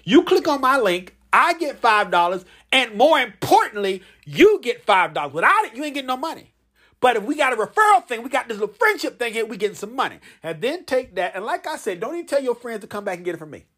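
Podcast guy talking solo, super animated, pitch all over the place, playful salesy vibe. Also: fast talker. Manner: animated, playful pitchman who chats straight to listeners. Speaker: podcast host.

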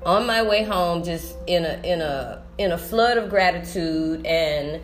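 A woman's voice: on the low side, a little slow, soft background music. A woman teacher talking through a personal vlog monologue, emotional and rambling, restarting her sentences often. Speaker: sixth-grade teacher.

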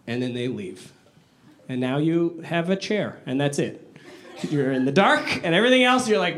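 Stand-up comic, male, high and animated, echoey club with laughter behind. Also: fairly quick. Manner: animated, acts out voices in his stories. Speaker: stand-up comedian. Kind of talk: stand-up comedy set. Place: comedy club with a live audience. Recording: echoey room, live audience laughter.

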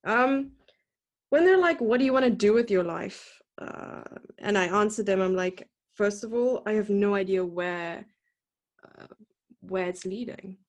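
A young woman with a South African accent, a chess coach chatting casually as a podcast guest, rambling and laughing often. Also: medium pitch. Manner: giggly, rambling, self-deprecating.

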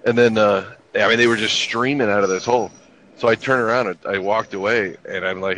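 A man's voice: fairly low pitch, quick pace, fairly bright tone, slight background noise. A man in his fifties telling army stories in casual chat, with a laid-back, profane, wry delivery. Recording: dull lo-fi recording with faint ambience.

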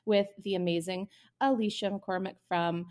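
A woman's voice: medium pitch, fairly even intonation, normal speed, a little mellow. A woman co-hosting a podcast, interviewing a guest in an enthusiastic, giggly way. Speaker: podcast co-host.

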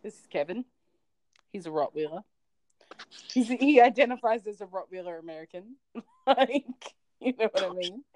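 A woman's voice: mid-range voice, lively intonation, normal speed, long pauses, darkish tone, no room sound, low-quality recording. A woman co-hosting a podcast in casual chat, telling stories animatedly and laughing often. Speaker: podcast co-host.

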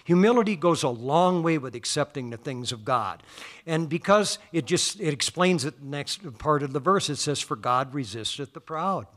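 A man's voice: on the high side, expressive, normal speed. A man preaching a folksy, emphatic sermon in a church. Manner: folksy, emphatic, rising to loud declarations.

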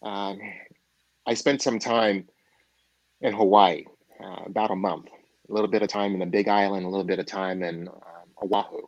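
A man, a guest author, telling a motivational story in a measured, halting way with frequent fillers. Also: fairly low pitch, steady tone, a little mellow, no echo, highs cut off. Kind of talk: storytelling in a conversation.

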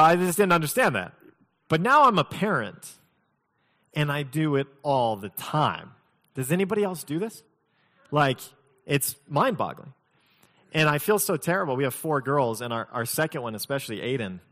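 A man's voice: medium pitch, a bit bright, big-room sound. A man preaching a sermon as pastor, conversational, mixing scripture reading with humorous personal stories.

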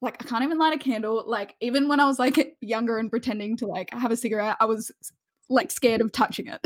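Woman, podcast co-host, chatty and self-deprecating, a bit high-pitched, dry close mic. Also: steady tone, brisk, no room sound. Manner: chatty, self-mocking, rambling. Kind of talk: casual chat.

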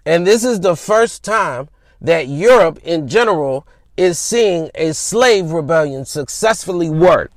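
A man's voice: on the high side, animated, a little slow, no echo. A man hosting a podcast, telling history in a casual, slangy, conversational way. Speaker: podcast host. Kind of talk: informal history storytelling.

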